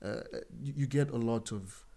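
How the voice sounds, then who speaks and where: Earnest Congolese guest, halting speech. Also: male voice, medium pitch, gravelly, dark tone. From Congolese community in South Africa. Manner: earnest, halting restarts, slangy. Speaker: podcast guest. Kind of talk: casual podcast chat.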